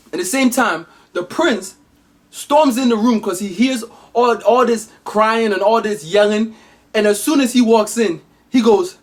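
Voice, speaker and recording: A woman's voice: fairly high pitch, measured pace. A woman narrating a comedic movie spoof in a chatty, sarcastic tone, talking straight to the listener. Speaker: comedic storyteller.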